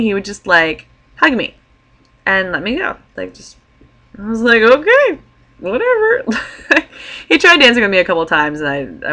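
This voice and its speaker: A woman's voice: lowish voice, bright, forceful tone. A young woman vlogger telling a story to her camera in a casual, chatty way, full of "like" fillers.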